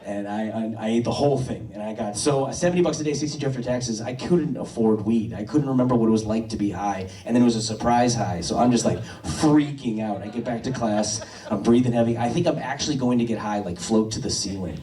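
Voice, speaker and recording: A man's voice: mid-range voice, fairly quick, hardly any pauses, warm tone. A young adult man doing a stand-up comedy set, telling stories with self-deprecating asides. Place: comedy club stage. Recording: echoey room from far off.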